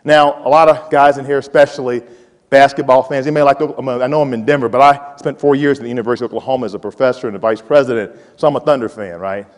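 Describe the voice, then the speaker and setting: A man in his forties giving a playful, animated motivational talk to students and calling out to the audience. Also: medium pitch, fast talker. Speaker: college president giving a talk. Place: large hall with a live audience. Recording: hall reverb.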